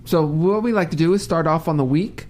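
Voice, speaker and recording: Radio host guy, mellow dark voice, easygoing and jokey, bit of faint hiss. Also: fairly high pitch, brisk. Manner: relaxed, laughs easily, teasing. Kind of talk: live talk radio chat. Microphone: studio mic.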